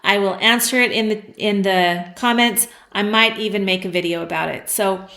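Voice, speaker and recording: A woman teaching English vocabulary, explaining slowly and patiently with the odd "um". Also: mid-range voice, bright, forceful tone, echoey room. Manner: slow, patient explaining with fillers. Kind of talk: vocabulary lesson.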